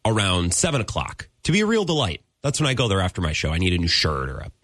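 A man co-hosting a sports radio show in a dry, deadpan way. His voice is husky yet bright and edgy, with lively swings of pitch. Faint music sits under the studio mic. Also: fast. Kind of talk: casual sports radio banter.

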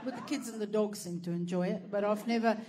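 A woman's voice: mid-range voice, quick pace, warm tone. A woman telling a brash, profane stand-up story and laughing through her punchlines. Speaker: comedian.

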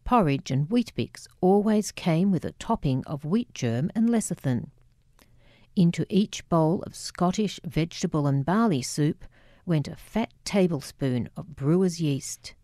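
An Australian woman narrates a memoir at an unhurried, deliberate pace, her voice low and mellow. Her reading is measured and reflective, and the recording is dry and close with no room sound. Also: animated, no echo.

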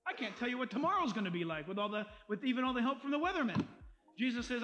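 High-voiced, emphatic male pastor preaching. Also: fast talker, faint music behind, rough recording. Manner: animated, emphatic preaching with Bible readings and rhetorical questions. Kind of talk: sermon.

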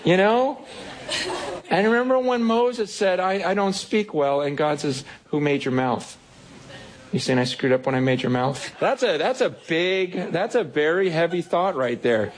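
A man preaching a sermon, animated, slipping into acted inner voices with quick repeats and restarts. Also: high-pitched. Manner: animated, breaks into acted self-talk and laughs. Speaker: pastor.

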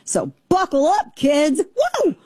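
A woman's voice: high voice, sing-song, takes it slowly, darkish tone, dry recording. A woman hosting a talk show, riffing in a brash, sarcastic monologue. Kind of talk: opinionated talk radio monologue.

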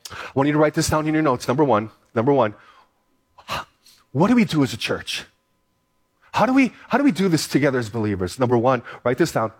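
A man's voice: high voice, animated, fairly quick. A man preaching a sermon as pastor, earnest and repeating key phrases for emphasis.

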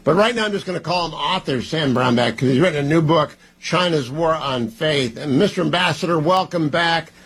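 A man's voice: on the high side, a little fast, few pauses, a bit bright, slightly rough. A man hosting a talk radio interview in a chatty way, with small stumbles.

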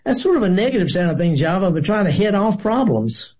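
Husky high-voiced man hosting radio. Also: sing-song, a little fast, darkish tone. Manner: folksy, rambling, corny jokes. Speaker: radio gardening show host. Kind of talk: casual radio talk.

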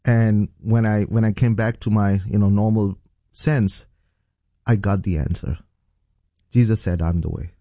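A middle-aged pastor tells his testimony in an earnest, halting way, full of fillers and restarts. His voice sits low and mellow. The recording is dry, with no room echo. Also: steady tone. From Pakistan. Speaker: pastor and guest. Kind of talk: telling a personal testimony.

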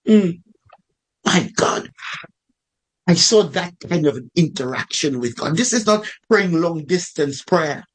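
A man's voice: a little high, animated, measured pace, pauses often, low-quality recording. A man preaching a sermon in a fervent storytelling manner, repeating phrases for emphasis.

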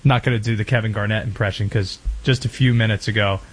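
A man hosting a sports talk radio show, energetic and joking, recorded in a radio studio. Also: on the low side, fast, breathy edge. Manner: energetic, joking, slips into playful impressions.

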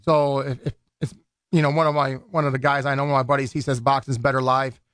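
A man's voice: mid-range voice, level tone, fast, fairly bright tone, no room sound. A man, a boxing event organizer chatting loosely in a radio studio interview, full of restarts and fillers. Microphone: studio microphone.

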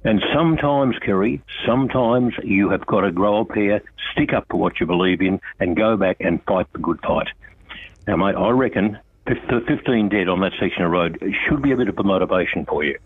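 A man's voice: low-pitched, fairly quick, slightly rough, no room sound. An older Australian man, a road safety campaigner calling into a radio show, talking bluntly and with passion. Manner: blunt, impassioned, addresses an official directly. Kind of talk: on-air phone interview. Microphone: telephone. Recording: tinny phone line.

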